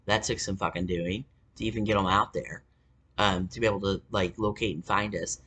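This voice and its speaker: A man's voice: low-pitched, fairly even intonation, a little fast, bright, forceful tone, breathy edge. A man telling a story in a rambling, casual way, full of fillers, restarts and swearing.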